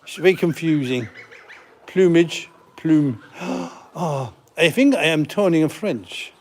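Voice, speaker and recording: A middle-aged man hosting a casual live stream from a farm, chatting warmly about the animals with giggles and cooing baby-talk at them. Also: fairly high pitch, animated, takes it slowly. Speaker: farm centre host. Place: outdoors on a farm.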